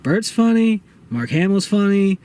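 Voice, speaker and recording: High, lively man joking around. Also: measured pace, slight background noise. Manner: playful, laughs often. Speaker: co-host. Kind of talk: casual movie review chat.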